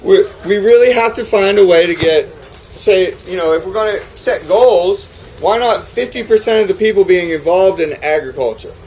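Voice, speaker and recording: Speaking at normal speed in a high voice with a darkish tone, this New England farmer gives a fervent conference talk on farming, continually posing rhetorical questions to the live crowd. Audio quality is poor, with slight background noise.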